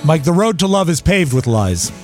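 Man, high voice, slow and dry, lively pitch swings. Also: soft background music. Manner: dry quips, slow delivery. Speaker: regular co-host. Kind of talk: casual comedy chat.

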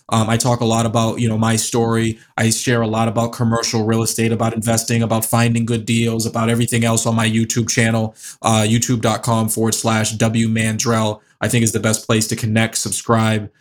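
A man's voice: mid-range voice, monotone, brisk, hardly any pauses. A man in his thirties from the Boston area, a real estate investor talking as a podcast guest in a casual, hesitant way with many fillers and restarts. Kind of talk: casual interview conversation.

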